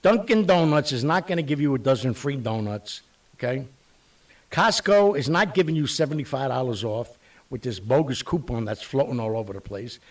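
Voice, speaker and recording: A man's voice: medium pitch, moderate pace, distant mic. A man hosting his online show, rambling bluntly with mild curses. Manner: animated, blunt, mildly profane, rambling. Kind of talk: casual rambling monologue.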